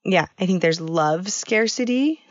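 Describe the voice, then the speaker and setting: A woman's voice: fairly low pitch, animated, unhurried, no echo, dull audio. A woman in her thirties co-hosting a podcast, telling a personal story in a chatty way and laughing often. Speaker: podcast co-host. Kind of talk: casual podcast chat.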